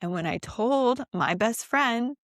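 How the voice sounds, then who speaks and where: A woman podcast host telling a personal story in a casual, animated and profane way, acting out the quotes, on a close mic. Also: fairly high pitch, slow pace, no echo.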